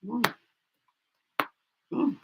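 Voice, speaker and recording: A woman's voice: very slow, fairly bright tone, rough recording. A woman giving a card reading on a live stream, talking straight to viewers and reassuring them in casual chat.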